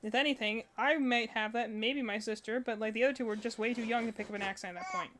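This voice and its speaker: A woman's voice: a little high, quick pace, over loud music. A young woman streaming from home, chatting casually and rambling with lots of fillers and laughs. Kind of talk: casual chat while crocheting. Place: home with barking dogs.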